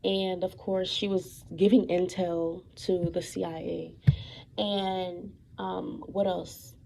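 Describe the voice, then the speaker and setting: Young woman, casual monologue, accusing and emphatic; slow, gravelly, dark tone. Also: on the low side, poor audio. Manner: animated, repetitive, emphatic with many fillers; suspicious, accusatory tone about her mother.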